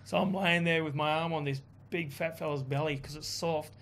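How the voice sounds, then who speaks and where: A man telling a story in a casual chat, animated and swearing, quoting others in his own voice. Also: on the high side, moderate pace, slight background noise. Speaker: guest.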